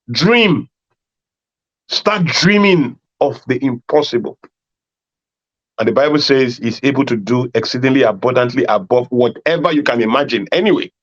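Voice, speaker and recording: A man from Nigeria giving an emphatic preaching talk to a youth conference, repeating phrases and acting out little dialogues. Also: medium pitch. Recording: dull lo-fi sound.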